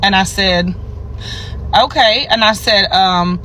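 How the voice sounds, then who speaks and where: A bright, forceful woman tells a patient story with animation and acts out the quotes. Her pitch sits in a middle range. Faint vehicle noise hums somewhere behind her. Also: normal speed, poor audio. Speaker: healthcare worker. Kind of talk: anecdote vlog.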